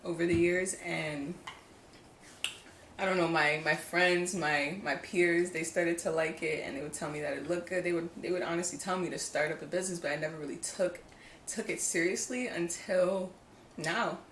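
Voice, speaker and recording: Young woman from Jamaica, interview guest, low-pitched, hesitant and relaxed, echoey home room. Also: moderate pace, slight background noise. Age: young adult. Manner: relaxed, hesitant, many fillers and restarts. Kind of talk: casual interview chat. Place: home, indoors. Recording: echoey room, faint ambience.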